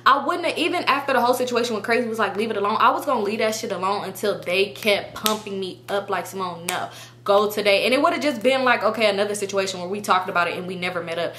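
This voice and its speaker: A young woman casually telling a story to her viewers, animated and profane, acting out her friends' lines. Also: mid-range voice, quick pace, few pauses, a little hiss or hum. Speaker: storytime vlogger.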